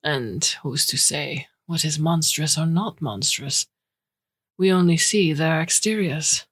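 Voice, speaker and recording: A smooth, philosophical older man with a faint Romanian accent, read by a woman. He speaks slowly and in measured phrases, with a low tone. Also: exaggerated voice. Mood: musing.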